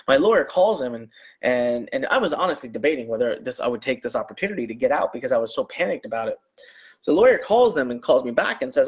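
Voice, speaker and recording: Husky man, animated sales pitch. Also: fast talker. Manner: animated storytelling, acting out his own panic. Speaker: marketing speaker. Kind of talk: motivational sales talk.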